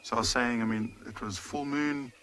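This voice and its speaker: A man commentating calmly on lions and birds during a live safari drive, describing what he sees. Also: medium pitch, a little hiss or hum, low-quality recording. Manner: measured, descriptive, observant. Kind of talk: wildlife commentary. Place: outdoors in the bush.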